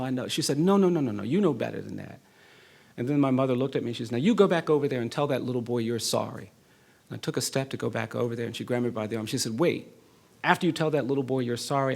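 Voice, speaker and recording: A middle-aged man giving a storytelling lecture as a law professor, speaking with a measured, repetitive cadence and quiet intensity that builds to emphasis. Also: mid-range voice, vocal fry, breathy edge. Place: lecture hall.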